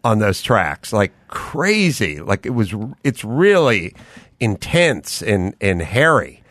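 A man co-hosting a studio podcast, telling stories in an animated way, laughing and acting out quotes. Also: lowish voice, slow pace, no room sound. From United States. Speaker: podcast co-host. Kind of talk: casual storytelling chat.

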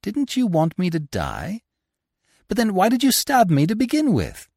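A man reading a stunned, weakened gentleman thief. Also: medium pitch, huge pitch swings, a little slow, breathy edge, no echo, clean studio sound, heavily acted. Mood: questioning. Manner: hushed, stammering.

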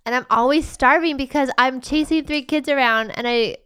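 A woman in her thirties co-hosting a podcast in casual chat, curious and quick with questions. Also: high-pitched, fairly bright tone, smooth. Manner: curious, questioning, easy laughs. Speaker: podcast co-host.

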